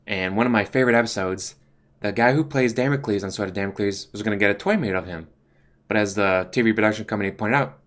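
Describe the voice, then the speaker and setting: A man's voice: on the low side, fast, a bit bright. A young man, casually reviewing TV shows in a rambling way, full of fillers and restarts. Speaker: YouTube host.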